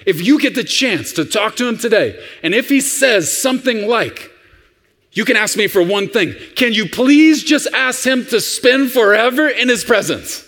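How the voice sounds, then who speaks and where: A man's voice: extremely high pitch, expressive, normal speed, a bit bright, long reverb tail, voice pushed up, full character voice. A man voicing an earnest, devoted little boy who begs and repeats his words. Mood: pleading. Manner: breathless, begging, repeats words.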